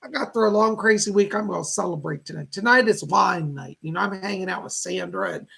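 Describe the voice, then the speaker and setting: A man in his fifties hosting a casual psychic livestream, chatting warmly with viewers and greeting them by name. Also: high-pitched, a little fast, vocal fry, breathy edge. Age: 50s.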